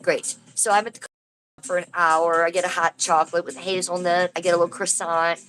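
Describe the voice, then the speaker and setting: A woman streaming from home on her phone, rambling and venting in a casual, chatty way while greeting viewers by name. Soft music plays faintly behind her. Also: fairly low pitch, little pitch movement, fairly quick, poor audio. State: aching tooth. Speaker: livestream host. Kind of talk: casual livestream chat.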